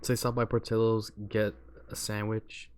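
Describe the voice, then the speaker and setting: A man co-hosting a podcast in a relaxed, laid-back way. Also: lowish voice, normal speed, clean tone. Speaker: podcast co-host. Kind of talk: casual chat.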